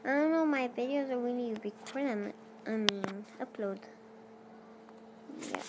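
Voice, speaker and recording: A woman's voice: fairly high pitch, unhurried, noisy background. A young girl chatting casually to viewers as she plays a block-building game, rambling and talking to herself. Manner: rambling, self-talking while playing, non-native phrasing. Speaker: let's play creator. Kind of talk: casual gameplay commentary.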